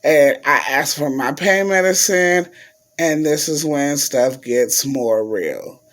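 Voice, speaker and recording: Slow-talking man telling a story. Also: a little high, a bit bright. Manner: chatty, addresses viewers as y'all. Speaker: vlogger. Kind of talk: casual storytelling vlog.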